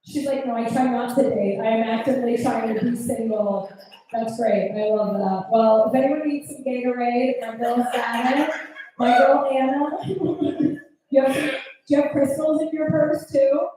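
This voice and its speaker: Brash, high-voiced woman comic in an echoey club. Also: fairly even intonation, dark tone, a little hiss or hum. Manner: brash, profane crowd work with quick asides. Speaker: stand-up comedian. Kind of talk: stand-up comedy set. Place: comedy club stage. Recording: echoey club, mic heard from a distance.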